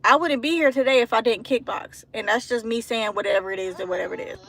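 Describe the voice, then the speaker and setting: A woman's voice: a little high, fast, creaky. A woman in her thirties talking earnestly and emotionally into a handheld phone, rambling with restarts in a casual vlog. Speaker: vlogger. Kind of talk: casual heartfelt monologue vlog. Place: out and about, walking into a store. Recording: phone recording with loud traffic noise.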